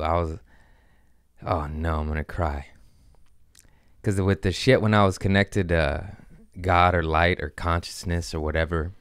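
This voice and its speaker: A man with a deep, smooth and resonant voice talks in a loose, rambling podcast chat. He swears freely but stays earnest, circling his thoughts as a comedian guest. The sound is close and dry with no room around it. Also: no room sound.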